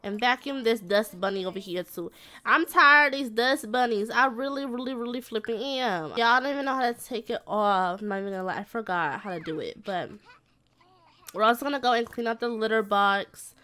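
A woman's voice: a little high, brisk, bright, forceful tone. A woman giving casual, slangy gameplay commentary, talking to her game characters like a mom scolding and cooing at her kids. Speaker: gaming video creator.

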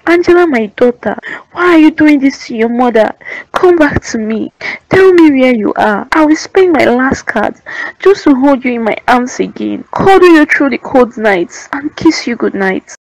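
A woman voicing a doctor and mother in a cartoon drama, quick to take offense and easily overcome. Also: medium pitch, expressive, no echo, close to an everyday voice, poor audio. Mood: distraught. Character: doctor and mother, proud and distraught.

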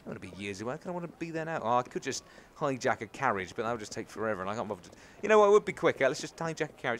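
A British man from England giving excitable let's-play commentary, cheering and scolding the game as he plays. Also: mid-range voice, rapid-fire, few pauses. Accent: British English. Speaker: gaming channel host.

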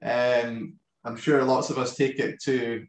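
A man's voice: mid-range voice, flat delivery, slow pace. A man from a distillery talks casually about his product over a video call, rambling with frequent restarts. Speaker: distillery representative. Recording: roomy echo on a video call.

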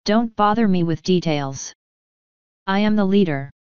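A woman voicing a gruff, blustering old male rat leader who growls his words slowly. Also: mid-range voice, expressive, a little mellow, no room sound, lo-fi sound, natural voice. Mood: grumpy. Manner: growling, slow and grumpy.

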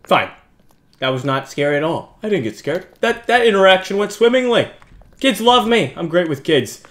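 Young man, let's-play commentary, bright tone, lively swings in pitch, jokey, self-mocking, yelps at scares. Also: normal speed. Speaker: gaming YouTuber.

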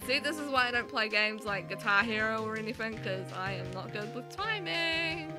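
A woman's voice: fairly high pitch, expressive, normal speed, hardly any pauses, loud music behind the voice. A young woman in her late teens chatting casually and rambling while playing a video game. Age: young adult. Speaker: let's play host.

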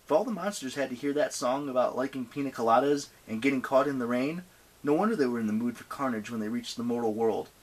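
A man narrating an audiobook with expressive reading. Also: medium pitch, quick pace.

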